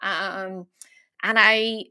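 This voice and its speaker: Woman, podcast host, bright clear tone, reflective, measured. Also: mid-range voice, fairly even intonation. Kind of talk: casual interview.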